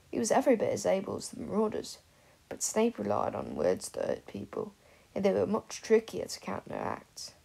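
A woman narrating an audiobook in a steady storytelling manner. Her voice is husky with a gravelly fry, and her pitch ranges widely. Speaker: audiobook reader.

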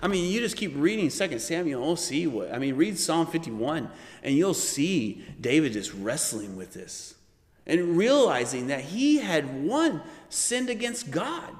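A man leading a Bible study, teaching with animated delivery and often checking in with "right?". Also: on the high side, unhurried, long reverb tail. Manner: animated, acts out quoted voices, frequent "right?".

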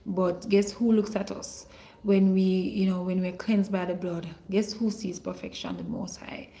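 Woman minister on a live stream, slow unhurried delivery, calling out names and praying, prophetic. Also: mid-range voice, gravelly. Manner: slow and warm, calling out viewers' names and blessing them; preachy, prophetic declarations. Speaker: online minister hosting a livestream. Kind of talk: livestream greetings and prayer.

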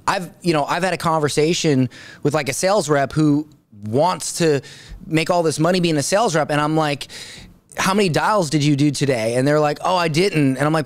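A man hosting a podcast, asking relaxed, rambling questions backed by his own anecdotes. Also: on the high side, dry recording. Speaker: podcast host. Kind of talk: conversational interview questions.

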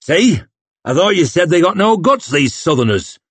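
A man voicing a huge grey-bearded Northman war leader who speaks slowly and sounds menacing. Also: big pitch swings, fairly bright tone, breathy edge, dry recording, exaggerated voice. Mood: taunting. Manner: slow rumbling delivery with a booming laugh. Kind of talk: audiobook character voice.

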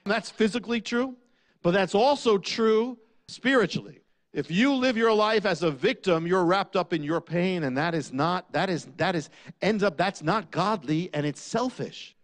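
A man preaching a sermon, asking rhetorical questions and dropping low on key lines. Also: lively intonation, moderate pace.

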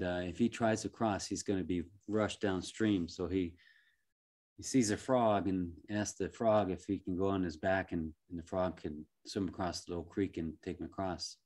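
A man working as a life coach, giving a gentle, reflective motivational talk with frequent soft chuckles and halting restarts. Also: low voice, steady tone.

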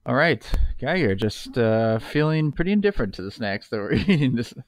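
Male podcast host, teasing, animated intonation, dry mic. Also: medium pitch, dry recording. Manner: teasing, quick questions. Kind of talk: casual chat.

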